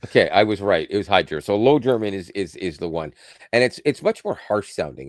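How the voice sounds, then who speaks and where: A man with a fairly low voice chats casually on a podcast, rambling with restarts and little laughs. The sound is dry and close. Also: very animated, brisk, no echo. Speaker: podcast co-host. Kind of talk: casual chat.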